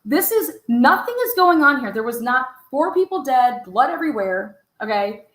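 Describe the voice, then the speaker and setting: A woman's voice: high-pitched, lively intonation, normal speed, fairly bright tone, reverberant, poor audio. A woman giving casual true crime commentary over case footage. She swears freely and fires off pointed rhetorical questions. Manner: profane, rhetorical, asks many pointed questions.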